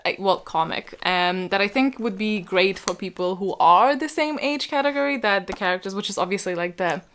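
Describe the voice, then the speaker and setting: A woman hosting a book vlog in casual chat, excitable and gushing, laughing often as she talks. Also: medium pitch, normal speed, a little hiss or hum. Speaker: book vlogger host.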